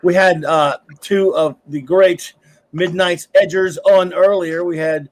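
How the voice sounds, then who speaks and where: Chatty male livestream host, higher voice. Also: steady tone, measured pace. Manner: easygoing, chatty, calls guests buddy. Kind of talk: casual panel chat.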